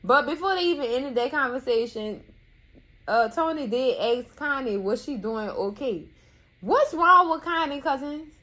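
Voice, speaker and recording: A woman giving casual TV recap commentary in a sassy, animated way, scolding the characters and calling her viewers cousins. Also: sits high, moderate pace. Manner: colloquial, addresses viewers as cousins.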